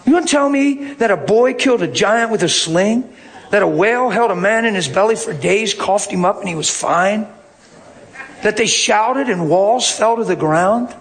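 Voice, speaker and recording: A male pastor telling a story in a sermon, animated, dropping low and then rising to shouts. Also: moderate pace.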